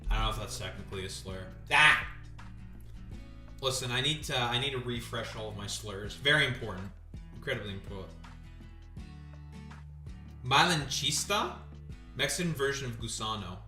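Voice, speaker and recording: A man's voice: fairly low pitch, fast, pushed and bright, roomy sound, faint music behind. A man ranting on a live stream in a profane, sarcastic, exasperated way.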